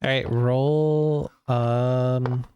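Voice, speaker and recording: A man running a tabletop game who describes scenes in a relaxed, unhurried way. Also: mid-range voice, smooth, no echo, lo-fi sound. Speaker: game master.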